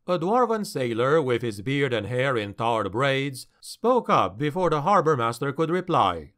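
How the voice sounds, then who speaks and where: A man narrating a fantasy audiobook in a measured, steady storytelling manner. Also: medium pitch.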